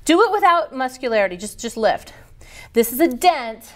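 Upbeat high-voiced woman leading yoga. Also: sing-song, moderate pace. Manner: upbeat, playful, cue-giving. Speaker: yoga teacher trainer. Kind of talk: live yoga teacher training class.

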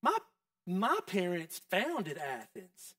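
A haughty local snob boasting of his family's standing, as a preacher puts him on. His voice is quiet and lofty. The sound is dry and distant. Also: high voice, wildly swooping pitch, takes it slowly, dry recording, exaggerated voice.

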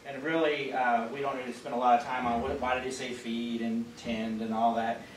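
Midwestern pastor quizzing a roomy class. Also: male voice, medium pitch, level tone, brisk. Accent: Midwestern American. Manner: conversational, asks the group questions, many fillers. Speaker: pastor teaching a Bible study. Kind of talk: interactive Bible class. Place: church classroom. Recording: roomy, distant mic, faint hiss.

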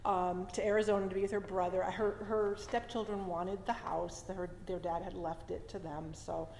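A woman's voice: medium pitch, flat delivery, moderate pace, darkish tone, a little hiss or hum. A woman telling a personal story live on stage, chatty and emotional, with laughing asides and frequent restarts. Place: arts center hall at a story slam. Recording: echoey hall with long reverb.

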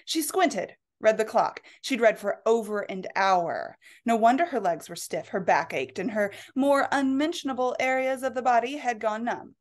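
A woman author reading her own historical romance aloud in a lively, expressive storytelling voice. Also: a little high, moderate pace, few pauses. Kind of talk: storybook narration.

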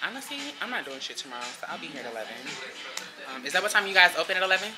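A woman's voice: lowish voice, very animated, very fast, music in the background. A woman vlogging casually into her phone while walking around a shopping market, blunt and profane. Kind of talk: casual vlog chat. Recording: loud background noise.

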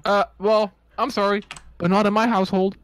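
A young man from the Netherlands with a Dutch accent, bantering in mock offense while streaming a game with friends. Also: sits high. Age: young adult. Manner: animated, mock-offended, quick to laugh. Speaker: streamer and co-player. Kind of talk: casual gaming banter.

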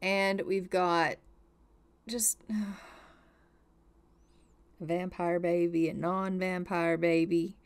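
A woman's voice: on the low side, level tone, extremely slow, pauses often, clear, resonant tone. A young woman giving chatty, exasperated and dramatic commentary over a life-sim game. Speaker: let's play host.

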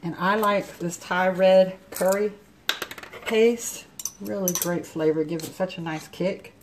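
A slightly low-voiced woman talks her way through a home recipe in a casual, chatty way, her mouth still numb from the dentist. Pots and dishes clatter around her in a noisy home kitchen. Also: fairly even intonation, slow. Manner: chatty, explains each step as she goes. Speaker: home cook. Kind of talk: casual cooking demonstration.

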